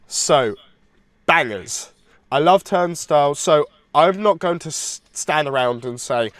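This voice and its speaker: A man's voice: on the high side, expressive, slow pace, fairly bright tone, dry recording. A man co-hosting a podcast, chatting casually and enthusiastically about music, sounding congested from hay fever. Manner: enthusiastic, rambling with restarts. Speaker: podcast co-host.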